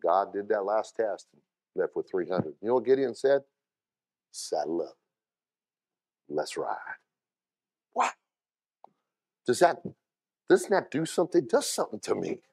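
A male pastor preaching a folksy sermon with cowboy talk. He moves from low, quiet lines to loud shouting. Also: brisk.

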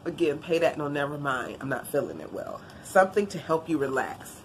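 A woman's voice: deep voice, normal speed, a little hiss or hum. A woman vlogger chatting casually while unboxing gifts, a bit congested and tiring easily. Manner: chatty, animated, Southern-style "y'all" talk.

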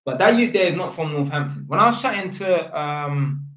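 An electrician chats to camera, telling a story in casual street slang full of swearing, "innit," and "fam." His voice is a little high, animated, and a bit bright, at a moderate pace, in an echoey room.

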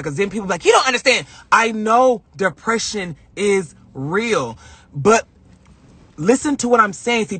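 A woman's voice: medium pitch, fairly bright tone, slightly rough, no room sound. A young woman hosting a live stream, telling a personal story in an emotional, rambling way and often repeating herself. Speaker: livestream host.

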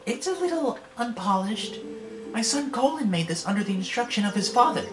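Man putting on a gentle village mother, soft and higher, roomy echo, clear game music behind. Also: expressive, a little fast, recorded from a distance. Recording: echoey room off-mic, loud game music.

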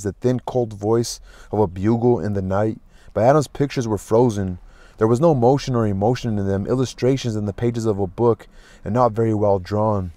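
A man reading a classic novel aloud as an audiobook, in a steady, unhurried way. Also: fairly low pitch, no room sound, studio quality. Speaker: audiobook narrator.

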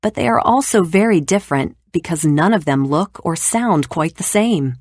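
A woman narrating an educational read-aloud for young children in a clear, steady way. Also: fairly low pitch, normal speed, no room sound, clean studio sound.

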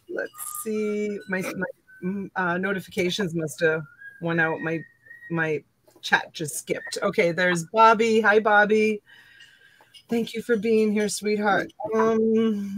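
A woman's voice: fairly high pitch, dry recording. A woman in her fifties hosting a casual live-stream auction, greeting viewers by name and calling them honey and sweetheart. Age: 50s. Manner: warm greetings to viewers, laughs often, calls people honey and sweetheart.

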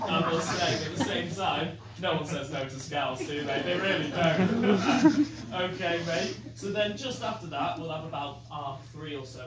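A man from Chester playing a carer in an improvised role-play, chatty and upbeat with plenty of fillers. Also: fairly high pitch. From Chester, England. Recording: echoey room from far off, noisy.

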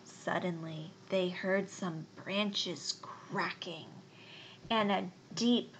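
A woman reading a children's storybook aloud in a gentle, unhurried way. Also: lowish voice, steady tone, highs cut off, a little hiss or hum.

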